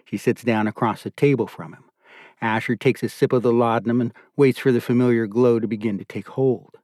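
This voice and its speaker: A man giving a calm, measured scripted narration of a novel. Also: mid-range voice, dry recording, clean studio sound. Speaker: audiobook narrator.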